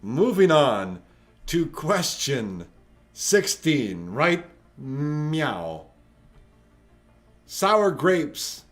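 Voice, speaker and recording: Slow-talking, lively joking male quiz host. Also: on the high side. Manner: joking, chatty, teasing players. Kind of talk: live-streamed trivia hosting. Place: at home.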